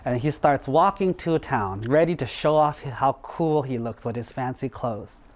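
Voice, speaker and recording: A monk telling a story in a children's sermon, in an animated, playful way. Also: male voice, mid-range voice, moderate pace.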